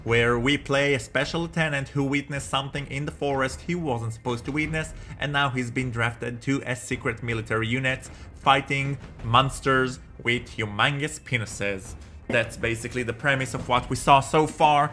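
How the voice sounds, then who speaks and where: A man's voice: medium pitch, fairly even intonation, moderate pace, pushed and bright, soft background music. A man hosting a live gameplay stream, chatty and joking as he talks to his viewers. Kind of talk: live game commentary.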